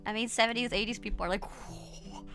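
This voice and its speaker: Loud, giggly woman streamer with lively pitch. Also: faint music behind. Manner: loud, laughing, swearing, quick to apologize. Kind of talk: casual livestream chat.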